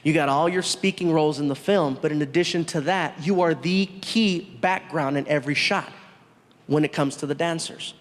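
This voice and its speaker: A comedian doing a calm film director. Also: male voice, on the high side, normal speed, voice pushed down, lightly acted. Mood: encouraging. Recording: live hall recording with reverb.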